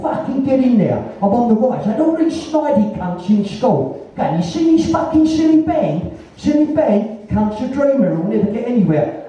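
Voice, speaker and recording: A man's voice: high-pitched, mellow. An older man with a Cockney accent telling blunt, swearing, laughing anecdotes on stage at a live conversation event. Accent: Cockney, East London. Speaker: interviewee, punk musician. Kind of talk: casual storytelling on stage. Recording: echoey hall, distant lo-fi mic.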